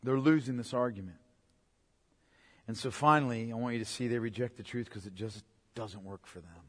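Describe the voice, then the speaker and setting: A man preaching an expository sermon, emphatic and repetitive, swinging from loud declarations to hushed asides. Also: mid-range voice, a little fast, long reverb tail. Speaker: pastor.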